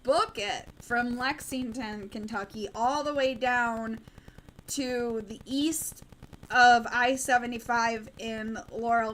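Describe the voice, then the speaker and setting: A young woman from the Midwest hosts a late-night news livestream in a loose, rambling way, full of ums and restarts. Her voice sits a little high. A faint background hiss runs under her talk. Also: a bit bright, poor audio. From American Midwest.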